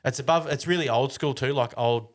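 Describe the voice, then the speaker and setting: A man's voice: mid-range voice, a little fast. A young man telling a long, rambling story on a casual podcast chat, with plenty of swearing. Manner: swears a lot, rambling anecdote. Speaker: podcast co-host.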